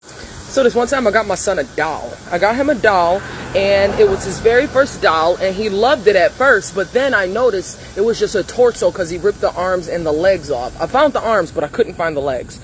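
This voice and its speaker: A man's voice: sits high, expressive, normal speed, slight background noise, poor audio. A man, a parent, telling a story dryly and stammering a little. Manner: dry, stammers when unsure. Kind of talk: casual storytelling.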